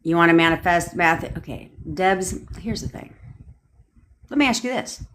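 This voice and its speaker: Responding to viewer comments in a livestream rant recorded on her phone, a woman who works as a manifestation coach is blunt, profane, and full of rhetorical questions. She speaks at a moderate pace in a slightly bright voice on the low side, with slight background noise.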